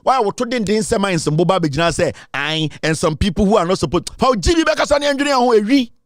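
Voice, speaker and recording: A Ghanaian man rants in mocking political commentary, his voice pitched high and swinging widely up and down. He taunts and laughs often, and the sound is close and dry. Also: animated, fast talker, no room sound. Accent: Ghanaian English. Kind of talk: ranting online commentary.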